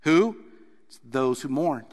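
A man's voice: a little high, lively intonation, takes it slowly. Earnest man preaching in a reverberant hall. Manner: earnest, rising to emphatic stresses then dropping soft. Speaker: pastor. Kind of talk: sermon.

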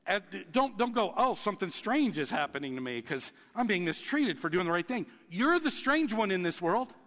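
Male pastor, higher-pitched voice, lively sermon delivery, hall reverb. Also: normal speed. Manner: animated, acts out quoted reactions, laughs often.

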